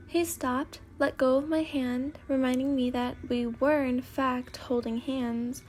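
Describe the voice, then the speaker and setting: A woman narrating a whispered role-play story in the first person, softly and unhurriedly. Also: high-pitched, fairly even intonation, measured pace, hardly any pauses, soft background music.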